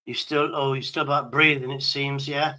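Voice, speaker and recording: A man's voice: mid-range voice, flat delivery, normal speed, sharp tone, rough recording. A man from Britain hosting a stream, telling rambling stories in crude casual banter and swearing constantly. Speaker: stream host.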